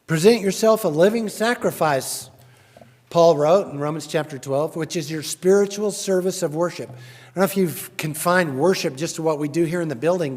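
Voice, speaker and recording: A man preaching a sermon in a church, chatty and questioning, rising loudly when he reads scripture. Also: a little high. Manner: conversational, asks the congregation questions. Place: church sanctuary. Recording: long church reverb.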